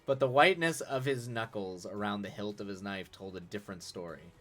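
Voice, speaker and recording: A man's voice: lowish voice, normal speed, a bit bright. A man streaming live, reading a story aloud with casual asides, laughing and correcting his own slips. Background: faint music.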